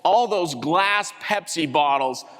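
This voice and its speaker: A man giving a keynote talk, telling a story in an animated way and acting out the voices of the people in it. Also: a little high, slow. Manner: animated storyteller, acts out quotes. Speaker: keynote speaker. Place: large conference hall. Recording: hall reverb.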